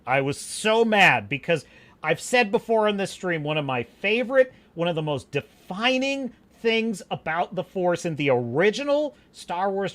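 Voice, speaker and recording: Animated, bright-voiced male podcast host. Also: sits high. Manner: emphatic, passionate, frequent restarts. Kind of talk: livestream commentary rant.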